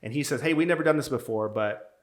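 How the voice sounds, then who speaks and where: A man guest telling stories in casual talk, acting out quotes with lively energy and saying "dude" often. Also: medium pitch, quick pace, a loud crowd. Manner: animated, acts out quotes, says "dude" a lot. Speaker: podcast guest. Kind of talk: casual storytelling.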